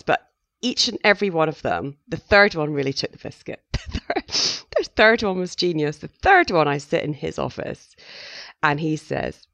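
A middle-aged woman, a journalist, speaking frankly as a guest in an interview, telling her story with lively quoted asides. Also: low voice, moderate pace, vocal fry, dry recording. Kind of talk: candid interview conversation.

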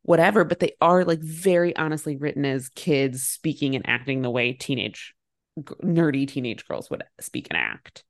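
A woman co-hosting a casual movie podcast chat, animated, laughing often and swearing freely. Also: deep voice, moderate pace. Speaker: podcast co-host.

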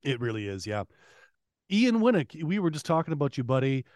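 A man's voice: medium pitch, animated, quick pace, darkish tone, no echo. A man co-hosting a podcast in easygoing chat, laughing off his own slip-ups. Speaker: podcast co-host. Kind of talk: casual chat.

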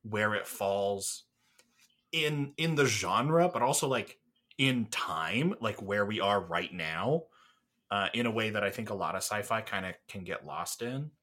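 Man, young adult, podcast co-host, casual chat, rambling, enthusiastic, fillers, bright voice. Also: on the low side, expressive, unhurried.

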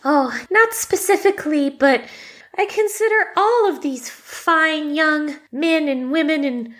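A woman's voice: high-pitched, unhurried, fairly bright tone, voice pushed up. A woman voicing a bubbly young woman who poses as a campus visitor, chirpy and a little flustered.

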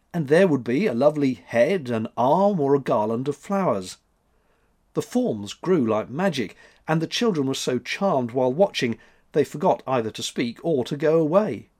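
Expressive male storybook narrator. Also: mid-range voice. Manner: expressive, lively.

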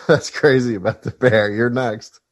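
A man's voice: mid-range voice, steady tone, slow. A man hosting a podcast interview, reacting briefly and moving on to listener questions. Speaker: podcast host. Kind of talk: casual interview chat.

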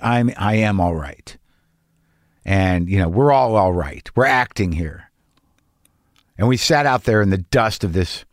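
A middle-aged actor talking in a rambling, earnest way in a casual personal vlog, swearing now and then. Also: male voice, medium pitch, no room sound, studio quality.

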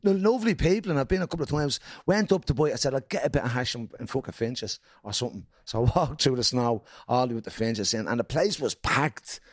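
A man's voice: medium pitch, lively intonation, quick pace, hardly any pauses, no echo, studio quality. A man with a Dublin accent, a comedian guest telling stories in casual chat, swearing freely and acting out quotes. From Ireland.

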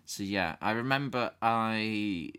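A man's voice: on the low side, takes it slowly, bright, forceful tone, smooth. A man from England co-hosting a casual podcast, telling school stories with plenty of laughter and impressions. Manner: storytelling, laughs often, does impressions. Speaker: podcast co-host. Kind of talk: casual chat.

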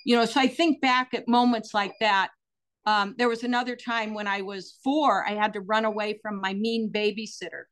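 A middle-aged woman, a guest telling personal stories in an interview, earnest and animated with frequent fillers. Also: medium pitch, normal speed. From United States.

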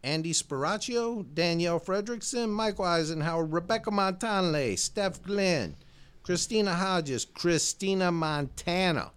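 A man hosting a podcast, casually rattling off listener shout-outs and laughing easily along the way. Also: sits high, a little slow, clean tone. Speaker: podcast host.

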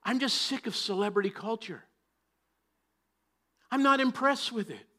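A man preaching a sermon in church, joking and chatty at times and then rising to loud, emphatic preaching. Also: very high voice, a little slow. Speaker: pastor.

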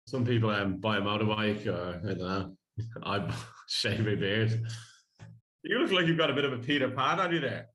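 Joking lower-voiced man on a podcast. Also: normal speed. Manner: laughs often, relaxed and joking. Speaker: podcast co-host. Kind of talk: casual podcast chat. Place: Bondi home.

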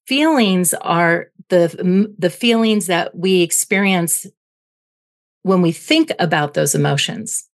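Measured woman psychologist, lowish voice. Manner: measured, explanatory. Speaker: clinical psychologist guest. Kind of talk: podcast interview.

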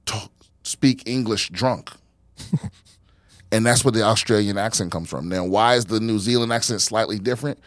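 A man's voice: lowish voice, dry recording, studio quality. A man hosting a casual podcast, rambling with many restarts and swearing. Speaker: podcast host.

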